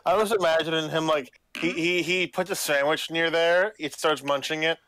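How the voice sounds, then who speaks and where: A man's voice: on the high side, fairly even intonation, moderate pace, a bit bright, dry recording, rough recording. A man chatting casually and jokily while playing a game, rambling and swearing. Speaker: player. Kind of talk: casual chat over a game.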